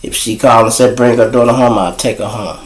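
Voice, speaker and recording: A man's voice: a little fast, reverberant, low-quality recording. Profane man telling street stories. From Chicago. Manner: animated, profane, jumps to high voices for quoted people. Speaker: storyteller host. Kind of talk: casual street storytelling.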